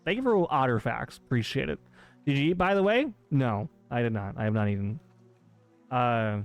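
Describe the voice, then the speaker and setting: A man's voice: mid-range voice, lively intonation, moderate pace, faint music behind. A man streaming a game live, bantering and joking with his chat in a playful, teasing way.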